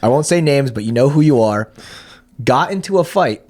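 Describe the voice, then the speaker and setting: Profane, animated young man telling stories. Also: mid-range voice, moderate pace. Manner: profane, animated storyteller who uses many restarts. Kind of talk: casual podcast chat.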